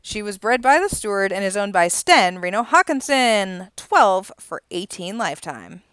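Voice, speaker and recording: Smooth-voiced woman calling horse races. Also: mid-range voice, normal speed, no echo, clean studio sound. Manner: rising, excited calling in the stretch, chatty between races. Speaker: race caller and stream host. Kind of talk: live horse race commentary with casual asides.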